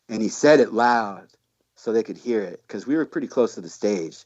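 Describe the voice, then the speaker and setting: A man's voice: on the low side, normal speed, a little mellow, highs cut off. A man chatting casually as a podcast guest, telling a rambling story full of slang, swearing and fillers.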